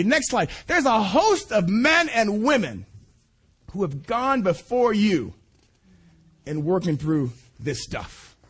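Animated husky-voiced man preaching. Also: very high-pitched. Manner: animated, repetitive, laughing between phrases. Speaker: preacher at a student conference. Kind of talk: sermon with personal story.

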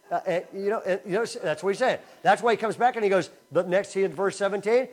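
A man preaching a sermon in a conversational style, energetic and swinging between loud emphasis and quiet asides. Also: high voice, fast, few pauses. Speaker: speaker at a camp teaching session.

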